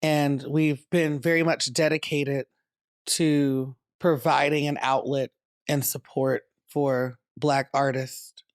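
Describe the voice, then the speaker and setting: A man from North Carolina tells his story in a reflective, measured way for a documentary interview. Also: mid-range voice, little pitch movement, no room sound, clean studio sound. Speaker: dance company founder. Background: soft guitar music.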